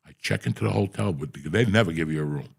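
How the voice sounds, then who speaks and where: A man's voice: sits low, fast talker, creaky, slightly rough. A man guest telling profane, blunt stories in a casual interview. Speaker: guest comedian.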